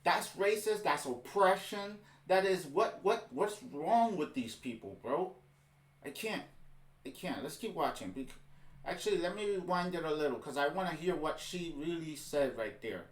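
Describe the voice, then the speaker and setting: A man's voice: fairly high pitch, expressive, normal speed. A man hosting a reaction video, ranting in heated, exasperated commentary and saying "bro" often. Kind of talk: ranting commentary over a clip. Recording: roomy echo.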